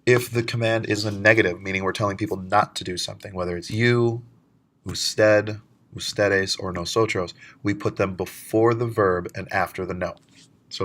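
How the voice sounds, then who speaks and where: A man teaching a recorded lecture, explaining step by step and slowing down to model words. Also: low voice, fairly even intonation, a bit bright.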